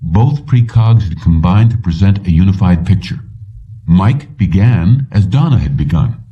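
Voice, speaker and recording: A man narrating an audiobook in a steady, even reading style. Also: low-pitched, moderate pace, distant mic, lo-fi sound. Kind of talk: scripted narration.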